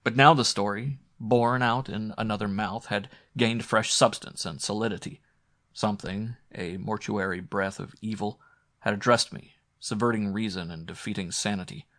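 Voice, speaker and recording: A man reading a horror audiobook aloud in a measured, brooding manner. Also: fairly low pitch, fairly even intonation, a bit bright, no room sound, clean studio sound. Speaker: audiobook narrator. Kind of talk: scripted horror narration.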